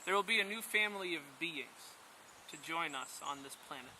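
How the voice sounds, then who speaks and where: A man's voice: a little high, animated, moderate pace, pushed and bright, a little hiss or hum, full character voice, rough recording. A man voicing a wise old turtle woman. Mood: prophetic. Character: wise old female turtle, calm and gentle.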